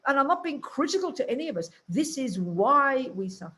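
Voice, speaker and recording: A woman's voice: sits high, very animated, fairly quick, fairly bright tone. A woman Buddhist nun giving a teaching talk in a blunt, emphatic, colloquial way.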